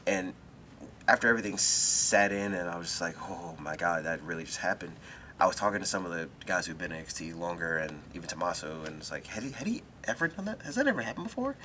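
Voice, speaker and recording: Bright-voiced low-pitched man telling a story. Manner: animated, emotional retelling with quick bursts and restarts. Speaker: wrestler, interview guest. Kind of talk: storytelling in a sit-down interview. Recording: faint background noise.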